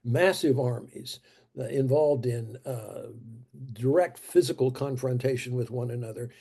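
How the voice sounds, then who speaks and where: A man giving a history lecture as a guest speaker in a church, deliberate and halting, repeating key phrases for emphasis. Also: mid-range voice, creaky, mellow, slightly rough.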